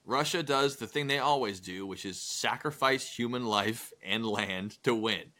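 A man hosting a casual podcast, retelling history with crude jokes and quick acted-out asides. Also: medium pitch, pushed and bright. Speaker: podcast host. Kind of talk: casual comedic history chat.

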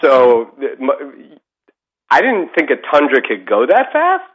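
A man's voice: mid-range voice, wildly swooping pitch, slow, muffled recording. A middle-aged man telling a ghost story in casual chat, rambling with lots of fillers and restarts.

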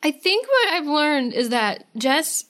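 Lively woman co-hosting a podcast. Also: high-pitched, slow pace. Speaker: podcast co-host. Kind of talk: casual recap chat.

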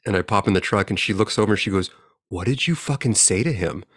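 A man in his forties telling a profane, animated story in a casual chat as a podcast co-host. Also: fairly low pitch, quick pace, slightly rough. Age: 40s.

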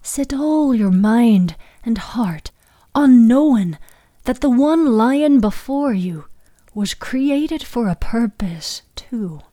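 A woman voicing a hushed ritual guide in a whispered role-play, giving slow, solemn instructions. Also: fairly high pitch, animated, dry recording.

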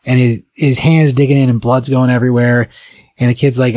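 A man's voice: medium pitch, level tone, brisk, a little mellow, no room sound. A man co-hosting a podcast, casually retelling a comic book's plot in a rambling way, full of fillers. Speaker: podcast co-host. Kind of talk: casual comic book recap.

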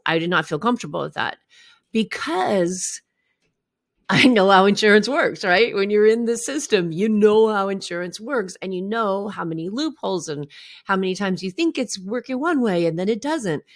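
Candid woman host, lowish voice. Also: dry recording, clean studio sound. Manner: candid, conversational, often asks "right?". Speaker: podcast host. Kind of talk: personal storytelling monologue.

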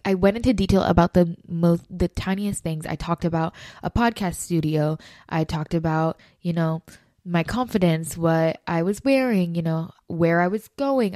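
A young woman hosting a casual solo podcast, talking in a gushing, animated way with many fillers and restarts. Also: fairly low pitch, dry recording, studio quality. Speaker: podcast host.

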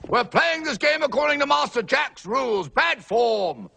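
A man doing a shrill frantic game referee. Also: expressive, moderate pace, gravelly, breathy edge, full character voice. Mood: scolding. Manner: shouting, scolding.

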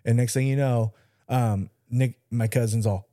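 A podcast co-host in his thirties tells a story in loose, casual talk, swearing freely and acting out the people he quotes. His mid-range voice is dark in tone, fairly even in intonation and a little slow. The recording is dry and close-miked, with no echo.

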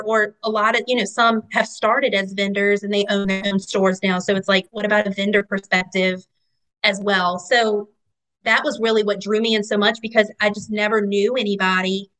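A woman's voice: mid-range voice, fairly bright tone, rough recording. Woman shop owner chatting on a podcast, rambly, lots of "you know"s. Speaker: guest, vendor market owner. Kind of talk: casual interview chat.

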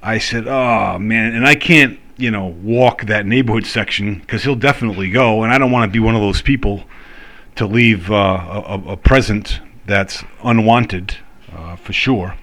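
A middle-aged man with a lowish voice chatting in a loose, rambling vlog monologue. He fills his sentences with "uh" and "you know" and chuckles between thoughts. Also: moderate pace, fairly bright tone. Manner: rambling, filler-heavy, chuckling. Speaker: vlogger. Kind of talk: casual monologue.

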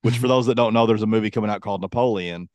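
A man's voice: on the low side, rapid-fire, a little mellow, no echo. A man co-hosting a podcast, telling stories in a rambling, self-mocking way. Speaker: podcast co-host. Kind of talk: casual chat.

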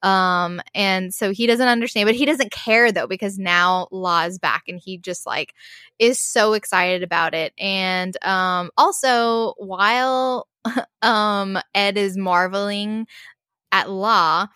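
Bright-voiced woman gushing over a story. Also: mid-range voice, slow, no echo. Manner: emotional, gushing, many "like"s and restarts. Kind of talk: casual chat recapping a show.

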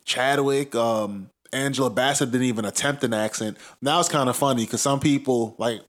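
A man's voice: medium pitch, normal speed. Rambling, laughing casual man. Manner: rambling, profane, laughs often. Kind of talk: casual chat.

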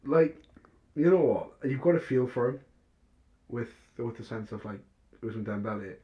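A young man co-hosting a podcast, blunt and sweary, giving quick reactions in a casual chat. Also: medium pitch, animated, dull audio. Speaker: podcast co-host.

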